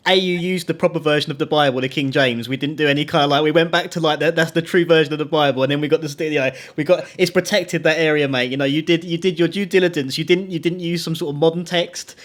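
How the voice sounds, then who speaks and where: A man hosting a casual interview over a video call, enthusiastic and quick to laugh. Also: on the high side, fairly even intonation. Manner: enthusiastic, laughs a lot, says man and mate. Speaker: podcast host.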